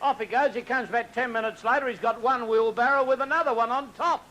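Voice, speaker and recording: A man's voice: very high voice, brisk, sharp tone, poor audio. An Australian man doing live stand-up, telling jokes and laughing at his own punchlines. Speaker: stand-up comedian.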